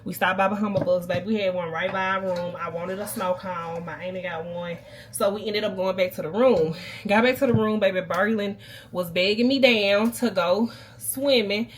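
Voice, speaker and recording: A young woman chats to her vlog audience in a loose, animated storytime style. She talks at an everyday, mid-range pitch and keeps pulling listeners in with little asides. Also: moderate pace. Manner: chatty, animated storyteller who keeps calling the viewers "baby" and "y'all". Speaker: vlogger. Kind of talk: casual storytime chat.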